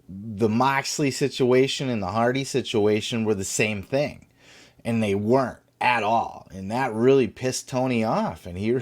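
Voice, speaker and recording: A man's voice: lowish voice, a little mellow. Male podcast host: blunt, profane, rambling commentary in a casual tone. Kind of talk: casual wrestling news commentary.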